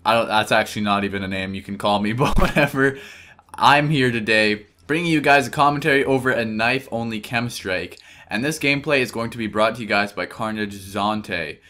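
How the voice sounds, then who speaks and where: Young male commentator, lowish pitch with a bright edge, rambling and self-correcting as he tells a story. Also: brisk, a little hiss or hum. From Canada. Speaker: gameplay commentator. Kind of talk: casual storytelling over gameplay.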